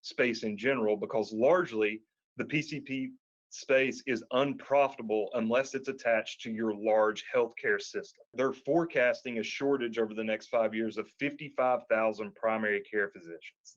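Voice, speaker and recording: A male podcast co-host explaining an industry issue in a measured, analytical way. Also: mid-range voice. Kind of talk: analytical discussion. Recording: dull lo-fi audio.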